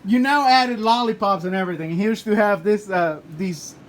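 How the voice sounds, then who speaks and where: Guy hosting a car vlog in his garage, jokey and loose, kinda high voice, bit of background noise. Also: normal speed. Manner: joking, swears, laughs often. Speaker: car channel host. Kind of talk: casual garage chat to camera. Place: home garage.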